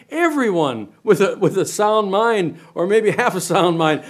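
An older man preaching a sermon to a church congregation, animated, asking the room questions and swinging between loud and quiet. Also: fairly high pitch, fairly quick, few pauses. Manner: animated preaching, asks the room questions, varies loudness a lot. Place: church sanctuary.

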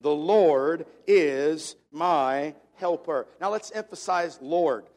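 A man preaching a sermon as pastor, emphatic, slowing down to stress the verses he quotes and drifting on and off the microphone. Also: fairly high pitch, a little mellow.

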